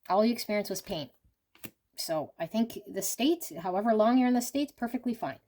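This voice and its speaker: A woman's voice: medium pitch, darkish tone. A woman reading tarot cards for a love reading, talking in an earnest, coaching way with frequent "you know" and "okay?". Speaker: tarot reader. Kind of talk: intuitive tarot reading monologue.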